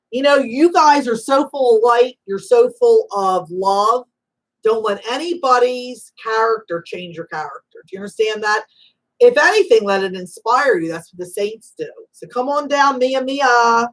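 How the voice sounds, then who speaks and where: A woman with a fairly high voice hosts a live call-in show of spiritual readings. She talks in an emphatic, motherly way, stretching her words and calling her callers honey and sweetie. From Italian-American background. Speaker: psychic reader and show host.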